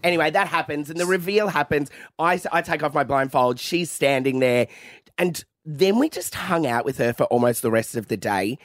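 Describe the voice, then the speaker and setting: A young Australian man, a guest on breakfast radio, telling stories in a lively, laughing way. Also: mid-range voice, dry recording, clean studio sound. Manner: animated storyteller who laughs often. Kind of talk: casual radio chat. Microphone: studio mic.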